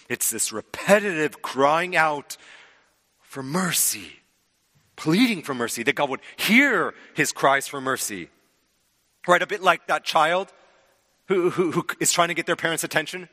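A man preaching a sermon, swinging from loud emphasis to hushed, drawn-out words. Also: fairly high pitch, expressive. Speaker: pastor. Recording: long hall reverb.

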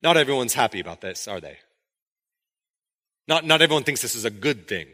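A man's voice: medium pitch, a little fast. A man preaching a sermon in a conversational way, acting out quotes from the story as he goes. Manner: conversational, animated, acts out quotes. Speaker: pastor.

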